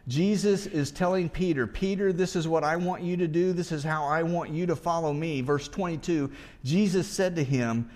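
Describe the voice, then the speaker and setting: A man's voice: fairly high pitch, normal speed, a little mellow. A man preaching a sermon in a conversational way, asking rhetorical questions and often restarting as he thinks aloud. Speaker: pastor.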